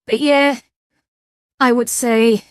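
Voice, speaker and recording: A woman streams at the end of a long session, tired and yawning, chatting in a rambling way with many restarts. Her voice sits a little high. The sound is dry and close, with no room echo. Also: fairly even intonation, slow pace. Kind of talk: casual chat.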